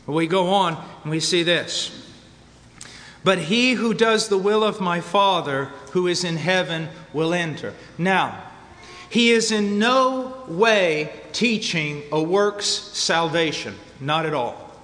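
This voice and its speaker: Emphatic high-voiced preacher man. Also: animated, slow pace, a bit bright. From United States. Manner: emphatic, varies pace, repeats for stress. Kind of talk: sermon. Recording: long hall reverb.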